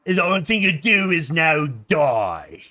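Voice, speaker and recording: A man's voice: a little high, very animated, a little slow, sharp tone, dry recording, full character voice. A man voicing a sneering evil male wizard with a British accent, gloating over a foe. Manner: gloating, taunting.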